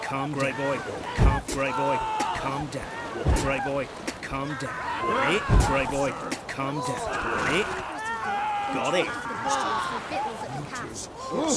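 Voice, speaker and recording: A male gamer who shouts and repeats phrases playfully while playing. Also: medium pitch, fairly even intonation, slow pace, pauses often, heavy background noise. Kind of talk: loud gameplay commentary.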